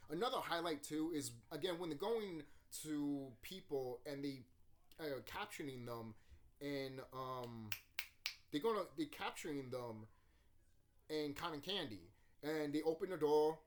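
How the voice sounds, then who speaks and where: A man's voice: a little high, expressive, a little slow. A man hosting his channel, talking casually from a room at home about a movie, swearing often, laughing and acting out scenes. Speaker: YouTube channel host. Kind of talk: casual movie review rant.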